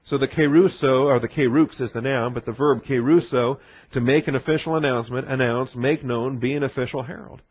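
A husky-voiced male Bible teacher speaking at a middling pitch, recorded dry and slightly dull. He teaches in an animated sermon style, leaning on key words and playing with alliteration, with plenty of fillers between points. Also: fairly quick, no echo.

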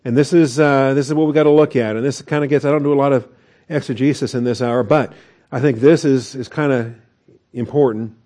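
A man's voice: medium pitch, fairly even intonation, a little fast, mellow. A man preaching a conversational sermon as pastor, with asides and chuckles.

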